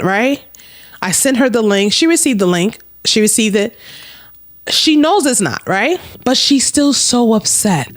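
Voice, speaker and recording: Blunt woman vlogger telling a storytime. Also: fairly high pitch. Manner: candid, blunt, swears freely, addresses viewers as y'all. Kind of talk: casual storytime to camera.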